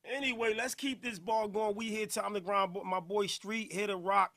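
A man with a fairly high, bright, cutting voice, chatting loosely and loudly on his podcast. He jokes around, teases listeners and throws out shout-outs in heavy slang. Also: moderate pace, gravelly. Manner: loud, animated, playful, slangy. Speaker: podcast host. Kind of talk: casual livestream chat with shout-outs.

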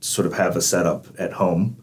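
Very low-pitched man, Texan accent, relaxed and chatty, podcast interview guest. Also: a little fast. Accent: Texan with a slight Irish-like lilt. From Texas, USA. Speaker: mining company managing director, guest.

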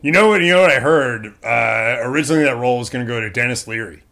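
A man co-hosting a podcast, talking loosely and rambling with plenty of "like" between his thoughts. His voice is bright and a little tense, at a middling pitch, and he laughs often as he goes. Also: quick pace, vocal fry. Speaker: podcast co-host. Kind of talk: casual chat.

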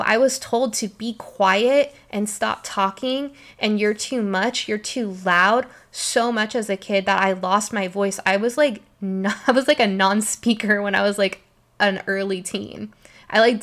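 A young woman with a medium-pitched, slightly bright voice hosts a solo podcast, speaking passionately, emphatically and emotionally while swearing freely.

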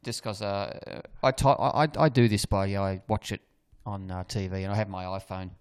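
A man's voice: on the low side, fairly even intonation, moderate pace, clean tone. A man co-hosting a casual chat, laughing often as he retells quotes. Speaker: podcast co-host.

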